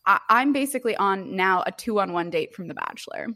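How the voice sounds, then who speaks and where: Young woman co-host, 20s, animated storyteller with frequent laughs and a loose, swearing delivery, mid-range pitch. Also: brisk. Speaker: podcast co-host. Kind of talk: casual storytelling chat.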